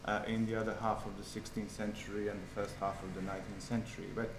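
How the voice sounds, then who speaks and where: A man works through a formal academic answer. He is hesitant and fills pauses with uh. The echoey room carries a clear hum behind him. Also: lowish voice, little pitch movement. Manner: hesitant, many filled pauses. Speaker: doctoral candidate defending his thesis.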